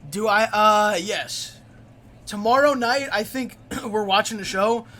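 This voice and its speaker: A man's voice: sits high, takes it slowly, a little hiss or hum. Rambling, profane young male streamer. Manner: rambling, profane, excitable storyteller. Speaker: live streamer. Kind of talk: casual live-stream storytelling.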